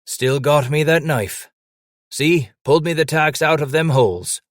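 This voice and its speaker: A man voicing an old white-bearded mountain man who speaks in a loud, cheerful, folksy frontier drawl and quotes scripture. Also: measured pace, dry recording, studio quality, lightly acted. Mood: jovial. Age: older. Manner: booming folksy frontier drawl, Bible-quoting.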